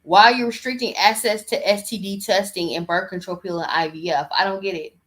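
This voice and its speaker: A woman's voice: mid-range voice, steady tone, fairly quick, a bit bright. A woman hosting a podcast, giving casual, exasperated reaction commentary. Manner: exasperated, emphatic. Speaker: podcast host.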